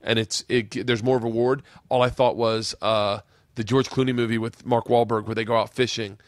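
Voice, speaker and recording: A man's voice: mid-range voice, normal speed, no room sound, studio quality. A man hosting a podcast in casual chat, telling swearing anecdotes and acting out the people in them. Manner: animated storytelling, acting out quoted voices; swears freely. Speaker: podcast host.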